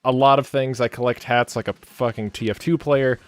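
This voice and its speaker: A man's voice: medium pitch, fairly even intonation, moderate pace, clear, resonant tone, no echo. Man, casual stream chat, giggly, rambling, music faint behind. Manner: giggly, rambling with many fillers. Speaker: community manager.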